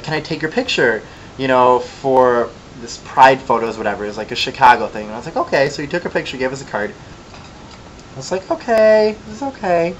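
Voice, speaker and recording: A young man from Michigan telling a long casual story in a vlog, chatty and gossipy, with sassy asides and lively quoted voices. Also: a little high, slight background noise, low-quality recording. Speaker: vlogger.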